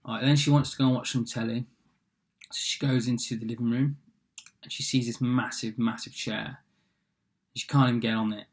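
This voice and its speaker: A man's voice: medium pitch, fairly even intonation, brisk, long pauses. Rambling young man retelling a fairy tale. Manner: rambling and offhand, full of fillers and asides. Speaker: storyteller.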